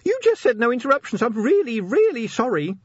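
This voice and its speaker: A man voicing a tiny nervous male imp, squeaky and quavering, meek and defensive. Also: very animated, a little fast, husky, dry recording, lo-fi sound, full character voice. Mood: apologetic.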